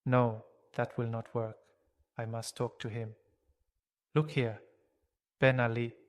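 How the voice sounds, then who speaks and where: Kindly storybook doctor, soft and measured, unhurried, read by a man. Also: medium pitch, little pitch movement, natural voice. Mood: thoughtful. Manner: gentle, measured, polite. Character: kind calm male doctor, middle-aged.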